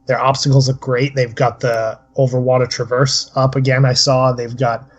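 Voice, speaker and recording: A man's voice: medium pitch, level tone, normal speed. A man co-hosting a casual podcast, talking steadily and rambling with many fillers. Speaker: podcast co-host. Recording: slightly dull lo-fi audio.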